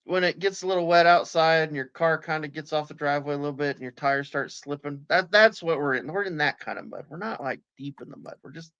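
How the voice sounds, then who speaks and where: A man's voice: fairly high pitch, fast, few pauses, fairly bright tone, clean tone. A man co-hosting a fan show over a video call, chatting casually in an easygoing way. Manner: easygoing, laughs often. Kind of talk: casual live-stream chat. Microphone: video call over a phone hotspot. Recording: dull, dry lo-fi call audio.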